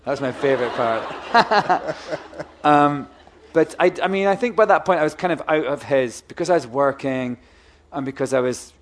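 On a festival stage before a live audience, a male guest author at a book festival rambles and restarts before turning into a playful showman, with crowd noise in the background. His voice is on the high side, expressive, and moderately paced.

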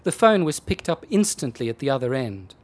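A man reading a comic short story aloud with dry, expressive delivery. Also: medium pitch, fairly quick.

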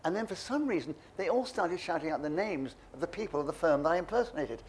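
A man's voice: high-pitched, fast, hardly any pauses, a little hiss or hum. An older man being interviewed, telling anecdotes and acting out the voices of people in his stories. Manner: lively storyteller, acts out voices. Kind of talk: reminiscing anecdotes.

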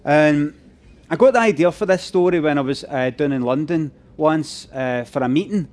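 A man's voice: on the high side, moderate pace, a little mellow. A middle-aged Glaswegian man doing chatty, self-mocking stand-up on stage, talking to the audience. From Scotland. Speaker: comedian on stage. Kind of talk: live stand-up banter with audience. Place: theatre stage. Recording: live venue, crowd noise. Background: audience laughter and murmurs.

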